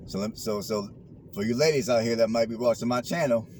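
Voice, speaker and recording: Speaking at medium pitch and a little fast, this man has a darkish tone as he chats casually behind the wheel. He's vlogging from the car, preaching advice in slang and repeating himself, with car noise in the background.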